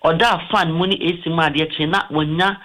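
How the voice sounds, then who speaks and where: A man's voice: fairly high pitch, steady tone, a little fast, crowd noise, poor audio. A man with a Ghanaian accent, an eye doctor giving health advice on a talk show, explaining patiently and mixing in English terms.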